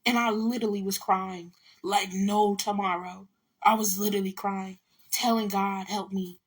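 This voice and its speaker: A woman's voice: mid-range voice, fairly even intonation, moderate pace, breathy edge. Blunt, emotional woman telling her story. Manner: blunt, emotional, swears freely, repeats words. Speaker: vlogger telling a personal story. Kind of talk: casual storytelling to camera.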